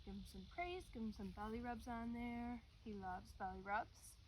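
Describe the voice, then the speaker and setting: High sing-song woman praising a dog. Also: animated, normal speed. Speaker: dog trainer. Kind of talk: giving commands to a dog in training. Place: dog training session. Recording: loud background noise from the field.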